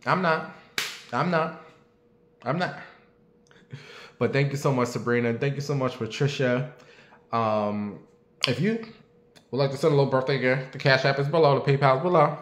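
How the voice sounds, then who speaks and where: A man in his late thirties, speaking at an ordinary middle pitch, hosts a casual commentary show from home. He talks bluntly, swears freely and keeps asking his audience for their opinion. His voice echoes around the room. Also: a little fast. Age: late 30s. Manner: blunt, profane and talkative, asking the audience questions. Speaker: show host.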